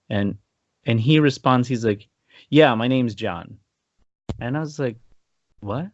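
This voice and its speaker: A male podcast co-host with a medium pitch tells a story at an unhurried pace with long pauses, still animated, laughing, and acting out quotes. The recording is muffled with no room sound.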